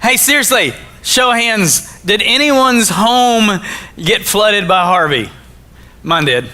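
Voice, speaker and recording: A man from Arkansas, giving a jokey, animated storytelling talk to a school audience. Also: sits high, slow pace. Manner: animated, jokey, acts out his own quotes. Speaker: motivational speaker.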